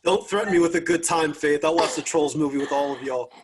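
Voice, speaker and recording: A man hosting a panel on a video call, upbeat and quick to joke. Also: on the high side. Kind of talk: casual panel chat.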